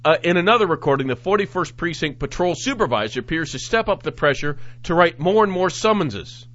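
A man hosting a talk show, reading news reports aloud and commenting on them in a sarcastic, animated way. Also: on the high side, brisk, few pauses. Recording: dull lo-fi audio.

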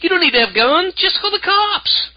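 Smug shrill police chief, put on by a man, high mocking falsetto, slow and drawn out, lo-fi radio. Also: sing-song, no echo.

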